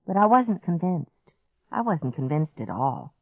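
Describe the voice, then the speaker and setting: Slow, expressive woman reading aloud. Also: low voice, no room sound. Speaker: audiobook narrator. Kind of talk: scripted first-person narration. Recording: dry, slightly muffled audiobook recording.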